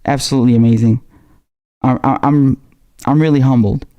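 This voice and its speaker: Man, raspy voice, dark tone, casual slangy livestream chat, halting restarts. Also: medium pitch, steady tone, lo-fi sound. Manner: casual and slangy, halting, reading out viewer messages. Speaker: livestream host. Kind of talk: casual live-stream chat.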